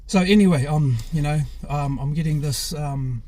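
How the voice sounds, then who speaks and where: A man's voice: on the high side, normal speed, a little mellow. A young man with a New Zealand accent, telling his own story in a frank, casual way, with many fillers and restarts and some swearing. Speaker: former rugby player. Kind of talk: candid personal storytelling.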